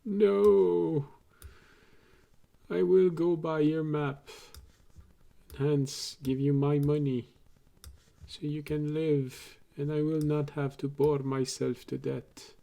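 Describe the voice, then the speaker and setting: A man's voice: on the high side, flat delivery, slow pace, gravelly, warm tone, pitched above the performer's own voice. A man putting on a mock Transylvanian viewer. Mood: indignant. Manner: theatrical, exaggerated mock-outrage. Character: indignant penny-pinching viewer with a vampire-like accent.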